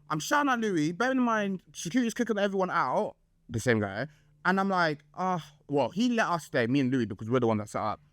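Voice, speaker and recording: A young man spills the story of his birthday night in a chatty, dramatic vlog voice. His voice sits fairly high and swings widely, animated all through. The sound is dry and close to the mic. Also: dry recording. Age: 20s. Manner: chatty, dramatic, gossipy, full of fillers and laughs. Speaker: vlog host.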